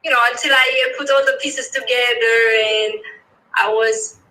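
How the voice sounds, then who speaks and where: Soft-spoken woman, bright and high. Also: fairly even intonation, rough recording. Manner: soft-spoken and halting, full of "you know". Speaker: coaching client and guest. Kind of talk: casual interview.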